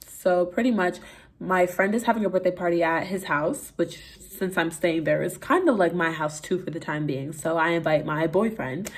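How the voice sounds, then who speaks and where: A young woman from Canada, a vlogger telling a candid, animated story to her camera. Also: on the low side. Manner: candid, animated storytelling with swearing and quoted voices. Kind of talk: casual story time.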